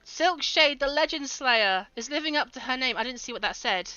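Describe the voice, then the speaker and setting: A woman's voice: high-pitched, lively intonation, normal speed, sharp tone, clean tone, no echo, lo-fi sound. A woman streaming a game, chatting casually with her viewers and laughing often. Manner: giggly, chatty, talks to chat. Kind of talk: casual livestream commentary.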